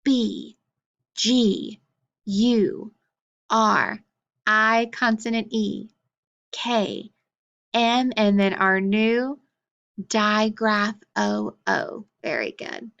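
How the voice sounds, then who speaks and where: A woman teaches young children phonics in a mid-range, fairly bright voice with lively intonation, sounding out letters slowly and clearly and praising often. The audio is dull.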